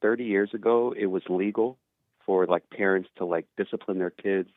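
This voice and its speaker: A man's voice: low-pitched, fairly even intonation, normal speed, dry recording. A man from New Jersey calling in to a show, talking casually and hesitantly with lots of fillers. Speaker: caller. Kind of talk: phone-in call. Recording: tinny phone line.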